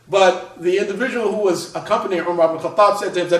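A man lectures as a scholar explaining his work, his voice sitting on the higher side. He often restarts phrases and checks in with a rhetorical "right?". The sound is roomy and echoing, picked up from some distance. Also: fast, hardly any pauses. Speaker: author and Islamic scholar. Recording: echoey room, mic at a distance.

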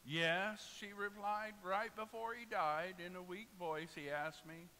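A man's voice: high voice, a little slow, few pauses, pushed and bright. A man preaching a sermon as pastor, telling humorous stories and joking with his congregation. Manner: storytelling with jokes and asides to the congregation. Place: church sanctuary. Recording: reverberant church hall with faint hiss.

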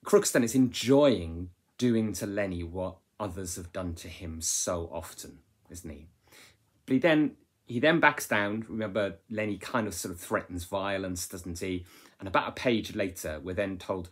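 A man explains a novel in a relaxed lesson style, often ending points with tag questions. His voice is low and husky. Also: a little slow. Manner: conversational, asks rhetorical tag questions; restarts and fillers while explaining. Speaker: English literature teacher.

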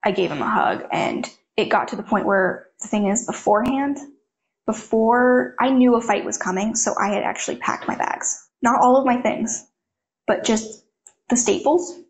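Young woman with vocal fry, talking frankly. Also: fairly high pitch, normal speed. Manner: frank, conversational, heavy use of "like". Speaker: interview guest. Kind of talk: candid personal storytelling.

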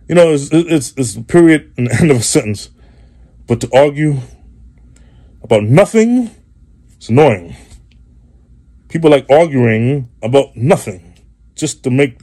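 Warm-voiced man in a profane comic rant. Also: medium pitch. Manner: profane, rambling, repetitive. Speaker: host. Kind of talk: comedic monologue.

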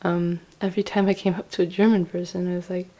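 A young woman vlogging, telling a rambling travel story in a chatty way, laughing often and filling pauses with "like" and "um". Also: lowish voice, flat delivery, dark tone. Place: indoors in Austria.

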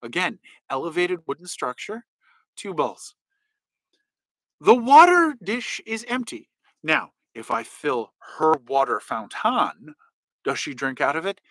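A man's voice: on the high side, big pitch swings, measured pace, fairly bright tone, no echo. A man hosting and answering comments in a rambling, jokey casual chat. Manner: rambling, jokey, goes off on tangents.

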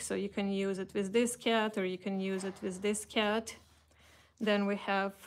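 Russian-accented lady showing off craft stuff, lots of ums, kinda flat tone. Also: mid-range voice, measured pace. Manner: chatty, many fillers and restarts. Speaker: craft company host. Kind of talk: casual product showcase.

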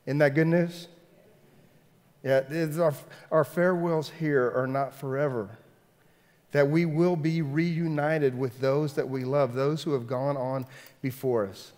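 A middle-aged man with a Southern US accent preaching a sermon in a conversational way, repeating phrases and swinging between loud and hushed. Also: fairly high pitch, steady tone, a little slow, long reverb tail. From Southern United States. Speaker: pastor.

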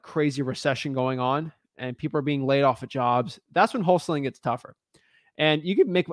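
A man's voice: a little high, no echo, clean studio sound. A man hosting a live stream, talking bluntly and emphatically in a slangy, casual way and taking callers. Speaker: host.

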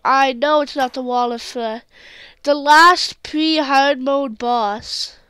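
High, bright-voiced woman gaming. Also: takes it slowly, dry recording. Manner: jokey, bursts into screams and exclamations. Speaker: gaming channel host. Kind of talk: gameplay commentary.

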